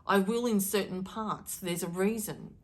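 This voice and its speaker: A middle-aged woman delivering a channeled daily message to her viewers, emphatic and animated, deliberately shifting her tone to stir emotion. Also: medium pitch. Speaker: spiritual card reader.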